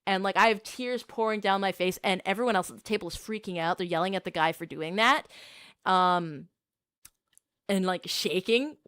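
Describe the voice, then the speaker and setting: A woman's voice: medium pitch, moderate pace, smooth, no room sound, clean studio sound. Casual woman streamer telling a story. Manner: rambling, animated retelling with filler words.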